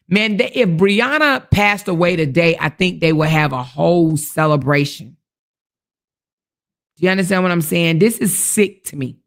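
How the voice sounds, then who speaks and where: A woman hosting a casual livestream, speaking directly to her viewers and reading their chat comments aloud. She is indignant and emphatic, and she repeats her points. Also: on the low side.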